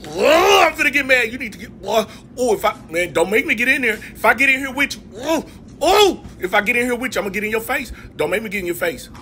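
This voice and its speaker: A man's voice: extremely high pitch, lively intonation, fast, bright, forceful tone, a little hiss or hum, pitched above the performer's own voice, full character voice. A man voicing a grumpy male dog who mutters threats and blusters at an intruder on his bed.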